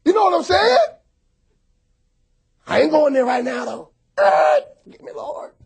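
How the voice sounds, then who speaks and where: A male pastor preaching a sermon, joking with the congregation and swinging from soft asides to shouts. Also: very high-pitched, sing-song, a little slow, vocal fry.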